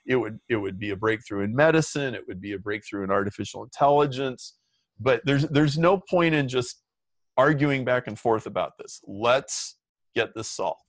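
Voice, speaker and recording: A man's voice: mid-range voice, expressive, moderate pace, no room sound. A middle-aged man telling stories as a guest in an interview, talking casually with many "like" fillers. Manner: chatty, lots of "like" fillers. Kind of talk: casual storytelling.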